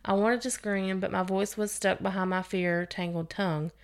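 A woman's voice: medium pitch, steady tone, normal speed. A woman hosting a podcast, reading a scary story aloud with expression and sometimes restarting a phrase. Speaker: podcast host reading stories.

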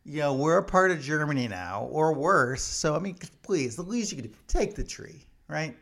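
Dude putting on chill offhand norwegian guys, gravelly, bouncy pitch. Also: male voice, very animated, moderate pace, a bit bright, heavily acted. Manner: casual, offhand and hesitant. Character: laid-back casual Norwegians personified as a nation.

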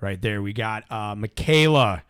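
Male podcast host, bright and dry, loose joking delivery full of fillers. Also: fairly low pitch, expressive, unhurried, smooth, dry recording. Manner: rambling, jokey, lots of fillers. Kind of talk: casual podcast banter.

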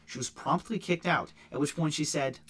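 A man co-hosting a casual true-crime podcast, reading case notes aloud with quick asides. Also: on the high side, a bit bright, breathy edge. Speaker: podcast co-host.

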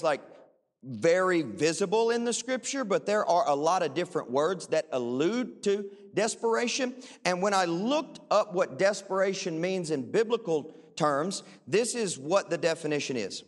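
A man pastor preaching a sermon in a church, animated, rising into impassioned pleading. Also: sits high, in a large hall. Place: large church hall.

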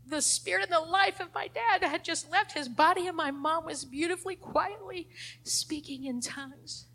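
A middle-aged woman leads an adult Sunday school class, preaching with fervor. Her voice sits high and rings brightly. She moves between emphatic declarations and near-hushed passages. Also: normal speed.

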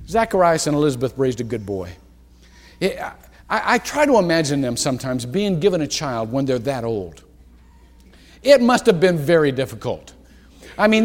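Lively preaching man in a reverberant church. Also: on the high side. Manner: rambling, self-interrupting, with quick asides and chuckles. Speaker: pastor. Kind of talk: sermon. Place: church sanctuary.

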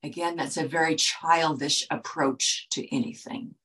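On a low-quality recording, a woman with a low voice and slightly slow delivery gives a direct-to-viewer wellness talk. She lectures earnestly and often checks in with "okay?"

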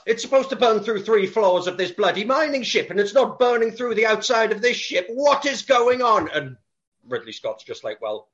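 A man rants about a film with animated, profane storytelling, his voice pitched a little high for a man. The mic sounds dull and lo-fi. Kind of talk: comic film rant.

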